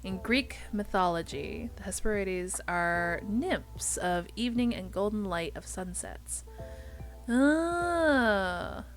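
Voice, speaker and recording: A young woman streaming herself reading a visual novel aloud, animated, swearing casually and stumbling over odd names. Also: mid-range voice, measured pace, hardly any pauses, faint music behind.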